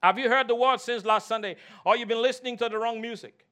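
A man's voice: very high-pitched, fairly even intonation, quick pace, sharp tone. A man preaching a sermon as pastor, emphatic, calling for responses from the congregation and repeating key phrases for emphasis.

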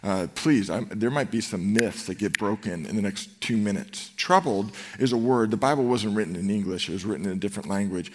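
A man's voice: lowish voice, fairly quick, hardly any pauses, a little hiss or hum. A man in his fifties preaching a sermon to a congregation, telling stories and acting out the scenes in them. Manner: animated storytelling, acts out scenes. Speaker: pastor. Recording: long hall reverb.

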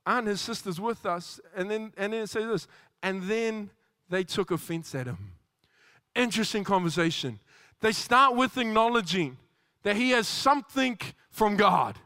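A man preaching a sermon, animated, acting out quoted dialogue and often restarting his sentences. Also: very high voice, smooth, no echo, clean studio sound.

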